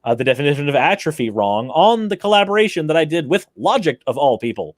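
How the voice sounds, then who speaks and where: A man who is a YouTuber, chatting casually on a call-in stream, quick and animated with frequent restarts. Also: fairly high pitch, dry recording. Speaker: YouTuber and show co-host. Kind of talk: casual chat. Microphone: home streaming setup.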